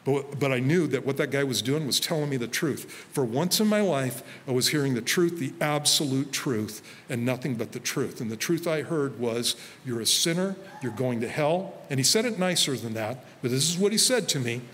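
A man, a pastor, preaching a sermon to a congregation in a relaxed, conversational way, telling stories from his own life and quoting himself. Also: medium pitch, a little fast, few pauses, big-room sound, a little hiss or hum. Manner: conversational, storytelling with self-quoted asides. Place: church sanctuary before a congregation.

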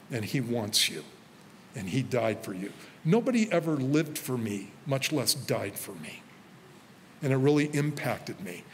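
A man, a pastor, preaching a sermon to a congregation in a relaxed, conversational way, telling stories from his own life and quoting himself. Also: mid-range voice, long reverb tail, slight background noise. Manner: conversational, storytelling with self-quoted asides. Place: church sanctuary before a congregation.

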